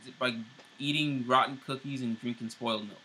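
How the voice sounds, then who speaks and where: Bright-voiced man recapping an episode. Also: medium pitch, steady tone, fairly quick, slight background noise, poor audio. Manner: recaps plot loosely, many fillers and restarts. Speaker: show co-host. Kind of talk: casual episode review.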